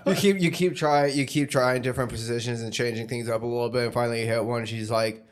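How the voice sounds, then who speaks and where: A man's voice: medium pitch, steady tone, fast talker, smooth. A young man in casual, crude banter, laid-back and mumbly, laughing often.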